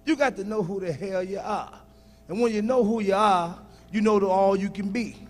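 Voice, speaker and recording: Man, stand-up comedy, high voice, cussing, teasing the audience. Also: normal speed. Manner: profane, bluntly teases and shouts at the audience.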